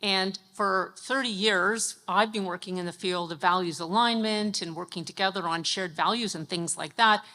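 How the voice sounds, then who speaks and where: Bright-voiced woman asking from the floor. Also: mid-range voice, moderate pace, few pauses. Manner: earnest, thinking aloud with fillers. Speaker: audience member asking a question. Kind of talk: public Q&A question. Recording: reverberant conference hall.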